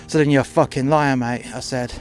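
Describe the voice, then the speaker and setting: A man's voice: mid-range voice, steady tone, fairly quick, soft background music. A man telling a first-person story in a crude, confrontational way, acting out both sides of a row.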